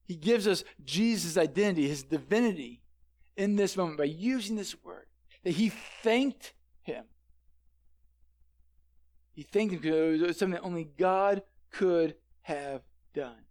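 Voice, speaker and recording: This sermon comes from a man with a high voice who talks a little slowly. He preaches animatedly and conversationally into a headset microphone, often doubling up words at the start of sentences.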